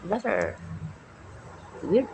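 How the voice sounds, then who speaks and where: A steady male toy engine speaks in an unhurried, soothing tone, as a woman puts him on. A faint hiss sits under the recording. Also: mid-range voice, voice pushed down, full character voice. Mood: puzzled. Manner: calm and reassuring.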